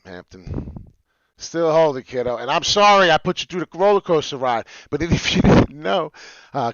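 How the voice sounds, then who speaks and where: Brief: excitable male chart-vlog host, animated swooping delivery, dry dull lo-fi sound. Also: medium pitch, no room sound. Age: adult with a young child. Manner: excitable, swings into loud rants. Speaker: crypto chart video host. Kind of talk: casual crypto chart talk to camera. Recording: dull lo-fi audio.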